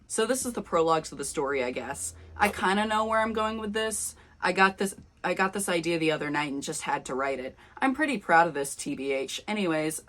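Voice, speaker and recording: A young woman with a low voice reads an old story aloud. She keeps stopping to add wry comments and laughs at her own writing. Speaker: youtuber.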